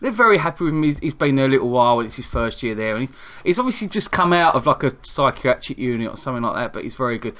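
A man casually chatting about a film, animated and laughing often, with many restarts. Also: mid-range voice, racing, hardly any pauses. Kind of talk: casual chat.

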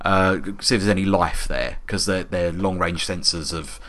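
A man chats through a film on a review podcast with a fairly low voice. He rambles and keeps it loose, trading jokes and cursing now and then. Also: moderate pace, a bit bright. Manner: rambling, sweary, joking. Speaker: podcast co-host. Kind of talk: casual film review chat.

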